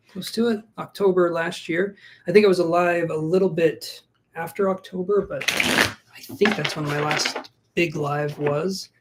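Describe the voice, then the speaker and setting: A man doing a relaxed live tarot reading on a stream. He chats easily and jokes about himself. He talks his thoughts through out loud as he lays out cards for viewers. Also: high-pitched, noisy background. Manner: chatty, self-joking, thinks aloud. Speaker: tarot reader.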